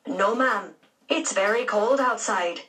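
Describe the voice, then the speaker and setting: A woman's voice: mid-range voice, takes it slowly, pushed and bright, distant mic, low-quality recording. A woman voicing a polite, deferential adult ship steward in a storybook reading. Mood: urgent. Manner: courteous, urgent.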